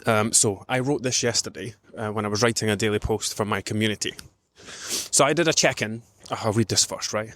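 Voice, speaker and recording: A man's voice: lowish voice, brisk, a bit bright, dry recording. A man hosting a nutrition podcast, talking in a casual rambling way with many ums while out on a morning walk. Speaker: podcast host, nutrition coach.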